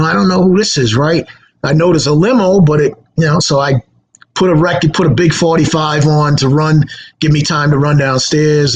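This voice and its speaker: A man telling radio stories in a casual, animated way, acting out the quotes. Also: fairly high pitch, poor audio. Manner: animated anecdotes with acted quotes. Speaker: radio guest. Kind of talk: casual storytelling.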